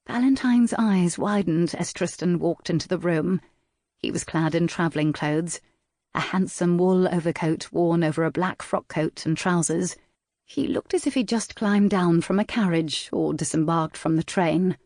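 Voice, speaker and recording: A man narrating a historical romance audiobook in a measured, even reading. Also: on the high side, dry recording, studio quality. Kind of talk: scripted narration.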